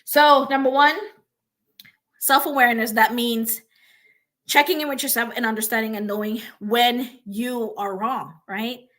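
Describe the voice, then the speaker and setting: A woman's voice: a little high, fairly even intonation, unhurried, a bit bright. A woman hosting a motivational talk, emphatic and repetitive, often checking in with "right?". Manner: emphatic, repeats points with frequent "right?". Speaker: host.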